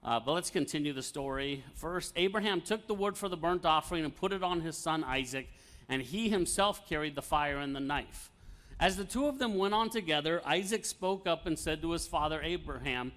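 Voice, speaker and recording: Man, Bible study teacher, somewhat high voice, bright and forceful, chatty with fillers. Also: a little fast. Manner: conversational, with many fillers and light laughs.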